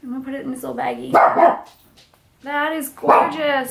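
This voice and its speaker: A woman's voice: high-pitched, steady tone, takes it slowly, gravelly, long pauses, crowd noise. A young woman vlogger unboxing gifts, gushing with squealing exclamations. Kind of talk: unboxing vlog.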